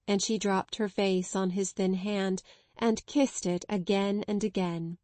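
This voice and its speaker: A woman reading a classic children's novel aloud in measured, expressive narration. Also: mid-range voice, no room sound. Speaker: audiobook narrator. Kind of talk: scripted narration.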